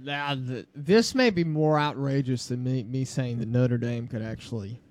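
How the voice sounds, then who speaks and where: A man co-hosting a casual sports debate, animated and quick to jump in. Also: medium pitch. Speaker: sports talk co-host.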